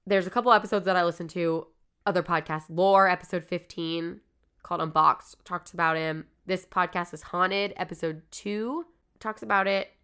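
A woman with a lower-pitched voice hosts a podcast, chatting casually. She retells stories loosely, swearing freely and leaning on "like". Her tone comes through smooth and clear. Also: steady tone, moderate pace, bright, forceful tone. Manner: loose, profane, lots of "like". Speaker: podcast host. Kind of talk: casual chat, retelling a story.

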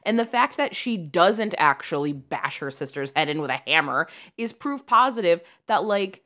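A woman's voice: fairly low pitch, animated, normal speed, a bit bright. A woman co-hosting a podcast and discussing a film in casual talk. She is candid and emphatic, laughs often, and swears freely. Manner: analytical and emphatic. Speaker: podcast co-host.

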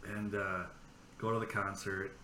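Bright-toned man telling rambling stories. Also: fairly low pitch, little pitch movement, measured pace, reverberant, a little hiss or hum. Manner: profane, rambling anecdotes. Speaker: podcast host. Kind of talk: casual storytelling chat.

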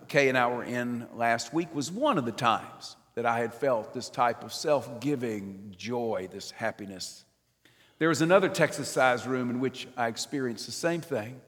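An older man preaching a sermon in a church, swinging from loud emphatic lines down to near whispers. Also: mid-range voice, in a large hall. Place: church nave.

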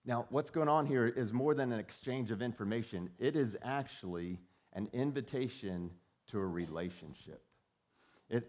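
A man's voice: medium pitch, darkish tone. A male pastor preaching in a conversational way and often putting questions to the congregation. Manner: conversational, asks the listeners questions. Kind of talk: sermon.

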